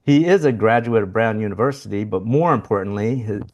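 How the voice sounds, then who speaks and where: A man's voice: lowish voice, fairly quick, muffled recording. A man co-hosting a podcast, introducing a guest in a rambling, good-humored way. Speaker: podcast co-host.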